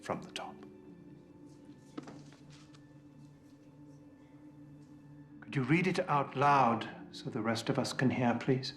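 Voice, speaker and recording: An actor playing a composed, cunning middle-aged male author who speaks in a measured, formal and coolly polite way in a courtroom film drama. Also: mid-range voice, fairly bright tone, soft background music, close to an everyday voice. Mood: smug. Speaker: crime novelist on trial.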